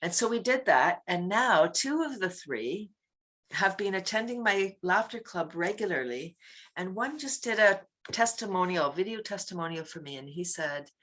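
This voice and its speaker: Woman, laughter yoga teacher, talkative and giggly, bright tone, video call. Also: mid-range voice, expressive, moderate pace. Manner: chatty, laughs often, bursts into loud laughter chants. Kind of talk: casual interview chat.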